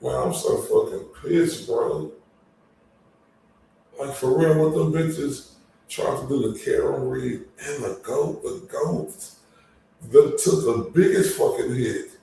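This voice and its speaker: A man's voice: mid-range voice, creaky, mellow. Cursing man ranting in an echoey room. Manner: angry, heavy swearing, drawn-out complaints. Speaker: online commentator. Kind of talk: profane ranting commentary. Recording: very echoey room, far from mic, faint noise.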